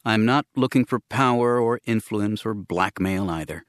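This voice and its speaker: A man doing a secretive man with a hushed, guarded way of speaking, his low voice pressing and pleading with quiet urgency in a storybook reading. The sound is close and dry. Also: normal speed, no room sound, natural voice. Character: tense secretive man driven by a private grief.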